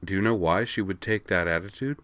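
Here a low-pitched man with a fairly bright tone speaks rather quickly, and there is no room sound. Reading a story aloud, he portrays a prim, courteous woman school counselor who pries with probing questions and is easily flustered.

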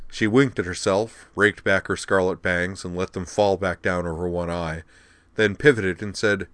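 A man narrating an audiobook in a steady, measured reading. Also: low-pitched, dry recording. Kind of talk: scripted narration.

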